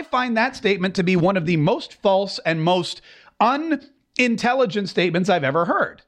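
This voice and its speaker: A man's voice: high voice, lively intonation, normal speed, a bit bright. A man hosting an opinionated political show, talking in a sarcastic, mocking way with many asides. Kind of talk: opinionated commentary.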